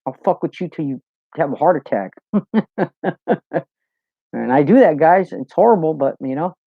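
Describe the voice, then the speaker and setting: A man rambles easily through a live Q&A, swearing freely and spinning stories. His voice sits a little high. The recording is dry and dull, close and lo-fi. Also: lively intonation, a little slow, gravelly, no room sound. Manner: loose, profane, storytelling with lots of "you know". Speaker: host of a live Q&A show. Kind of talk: casual livestream chat, reading viewer comments.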